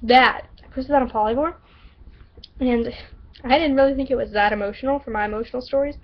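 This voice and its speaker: Giggly higher-voiced woman reading aloud. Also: brisk, muffled recording. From Southern US. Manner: giggly, chatty, self-interrupting. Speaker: vlogger reading her own story. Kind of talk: casual vlog and story reading.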